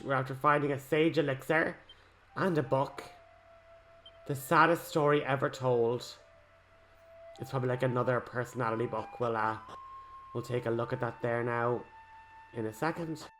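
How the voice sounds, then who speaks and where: A man, rambling excitably while he comments on a role-playing game. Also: mid-range voice. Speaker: let's play host. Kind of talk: gameplay commentary.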